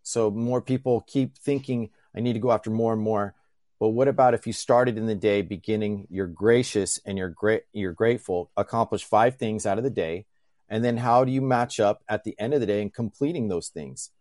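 A man's voice: lowish voice, moderate pace, darkish tone, no room sound, clean studio sound. A man speaking as a guest, earnestly reflecting on mindset and growth. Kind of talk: motivational talk.

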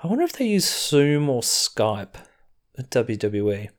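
A man with an Australian accent talks through a wrestling episode in a loose, chatty way, pausing for little laughs and side comments. His voice sits at an ordinary middle pitch, neither deep nor high. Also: big pitch swings. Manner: chatty, rambling, chuckling asides. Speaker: podcast host. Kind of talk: casual wrestling recap.

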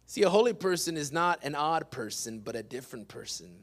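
A man pastor delivering a sermon, dropping "amen" between phrases and swinging from loud emphatic bursts to hushed asides. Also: on the high side, very animated, brisk, few pauses.

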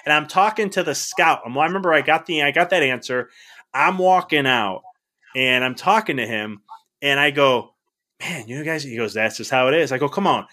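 A middle-aged man as a podcast guest, telling stories in a casual, animated way, acting out the dialogue with frequent restarts. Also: on the high side, moderate pace. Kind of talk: casual storytelling.

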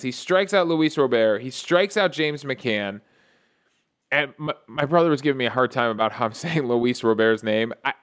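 A man with a smooth, clear voice pitched a little high walks through a game recap on his own show. He tells it like play-by-play, keeps getting excited, and often restarts a sentence mid-thought. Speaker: podcast host. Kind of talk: casual solo game recap.

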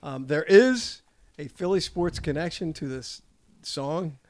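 High, lively male podcast host. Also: takes it slowly. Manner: upbeat, leads the segments. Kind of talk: casual chat.

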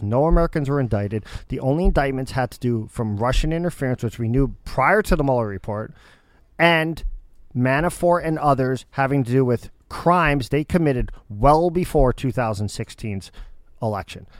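Host, male, mid-pitch, combative debater, dry close sound. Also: animated, normal speed, no room sound. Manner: insistent, combative, repeats points. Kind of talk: heated political debate.

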